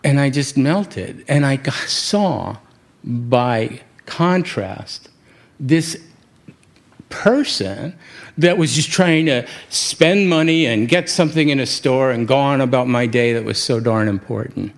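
Man from new york, gravelly voice, middle pitch, halting reflective storytelling, restarts words, chuckles at himself. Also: animated. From New York City. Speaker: speaker sharing a personal story.

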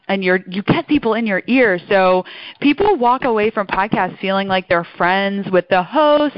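A high-energy woman with a mid-Atlantic accent talks as a guest on a podcast. The sound is dry and close, with a dull, lo-fi tone. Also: no echo. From outside Philadelphia. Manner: high energy, quick and animated. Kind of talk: casual interview chat.

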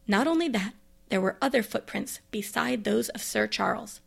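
Gravelly-voiced woman reviewing books. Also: mid-range voice, moderate pace. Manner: chatty, enthusiastic, bookish asides. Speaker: librarian and podcast host. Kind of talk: casual book review monologue.

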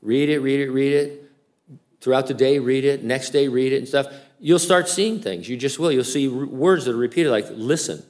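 A man's voice: mid-range voice, normal speed, darkish tone. Chatty older male pastor, casual sermon. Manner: chatty and informal, with many fillers and restarts.

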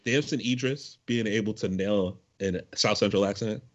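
A man's voice: on the low side, moderate pace, lo-fi sound. A young man co-hosting a podcast, telling stories in a joking, slangy way. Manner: animated, joking, slangy storytelling. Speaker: podcast co-host. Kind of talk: casual chat.

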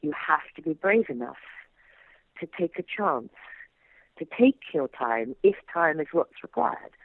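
An older woman with a received pronunciation accent, telling stories as an actress guest in an interview, animated and quick to drop into character voices. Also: low-pitched, no echo. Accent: English received pronunciation. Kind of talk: anecdotal interview chat. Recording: dry phone-like line.

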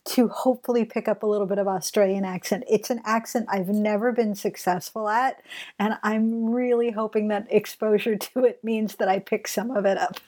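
A woman co-hosting a casual movie podcast, animated and laughing. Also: medium pitch. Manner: animated, laughing, quick bursts. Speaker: podcast co-host. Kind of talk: casual chat.

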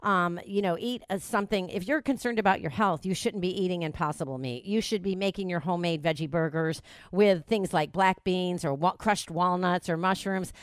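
Lady talk show host, kinda low voice, rambly, lots of uh and you know. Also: brisk, hardly any pauses, clear, resonant tone, no echo. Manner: chatty, restarts and fillers, laughs easily. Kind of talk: casual talk show chat.

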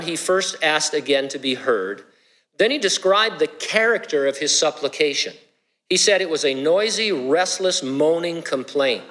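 A middle-aged male pastor preaches in a relaxed, chatty way, tossing jokes and questions to his congregation. His voice sits a little high for a man. A long reverb from the church hall trails behind his words. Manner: conversational, joking asides to the congregation. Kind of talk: sermon.

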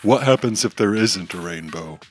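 A man's voice: fairly low pitch, animated, normal speed, soft background music, natural voice. A man voicing a tense, skeptical young sidekick who talks bluntly.

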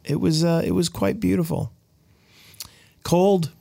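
Gravelly-voiced man telling travel stories. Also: on the high side, unhurried, no room sound. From United States. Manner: animated storyteller, voices quoted people. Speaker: podcast co-host. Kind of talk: casual chat, storytelling.

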